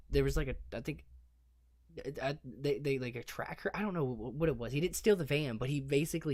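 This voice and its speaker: A man co-hosting a loose, boozy podcast chat. He tells stories in a rambling, profane and animated way, full of restarts. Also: a little high, dry recording, clean studio sound. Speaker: podcast co-host. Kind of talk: casual drinking-podcast chat.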